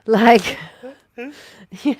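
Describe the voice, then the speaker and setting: A woman's voice: on the high side, very slow, slight background noise. An Australian woman chatting casually as a podcast host, telling stories with lots of swearing and laughter. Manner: animated storytelling, swears often, laughs a lot. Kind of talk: casual chat.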